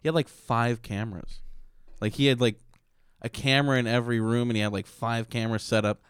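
A man's voice: medium pitch, fairly even intonation, brisk, clear, resonant tone, no echo, clean studio sound. A man co-hosting a comedy podcast, chatting casually with crude jokes, laughing often and acting out quoted voices. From Chicago area. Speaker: podcast co-host.

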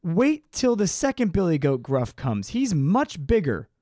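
A man voicing the smallest billy goat, a timid little creature with a small high voice. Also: very animated, measured pace, dark tone, no room sound, clean studio sound. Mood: pleading. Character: tiny timid young billy goat, pleading.

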